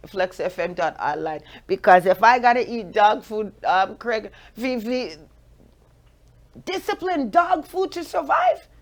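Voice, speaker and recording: A woman in her forties with a Jamaican accent, hosting a radio show with playful, animated motivational talk. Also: a little high, a little slow. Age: 40s.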